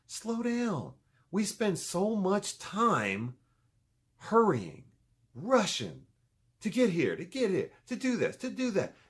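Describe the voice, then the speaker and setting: A middle-aged man giving casual motivational advice in a video blog, animated and profane, swinging from loud emphasis to low muttering. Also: breathy edge. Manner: profane, joking. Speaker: video blogger.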